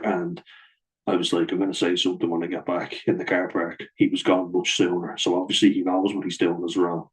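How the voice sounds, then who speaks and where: A man's voice: low voice, low-quality recording. A middle-aged man, bluntly telling a personal story to camera in a sweary, aggrieved way. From Ireland. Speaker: vlogger.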